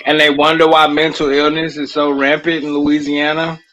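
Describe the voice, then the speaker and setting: Bright-voiced joking podcast host man. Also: on the high side, level tone, moderate pace, rough recording. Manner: joking, then ranting in frustration. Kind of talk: casual sports podcast chat.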